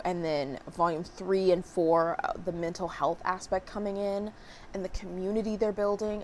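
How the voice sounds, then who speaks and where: Gravelly-voiced young woman chatting about books. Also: fairly low pitch, a little hiss or hum. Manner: expressive, sarcastic, swears casually. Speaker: book vlogger. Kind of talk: casual chat.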